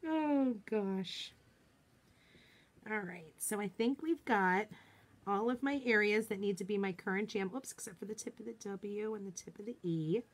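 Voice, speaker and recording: A woman's voice: medium pitch, moderate pace. A woman hosting a casual live craft tutorial, chatting and greeting viewers by name, joking about her own slip-ups. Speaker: craft demonstration host.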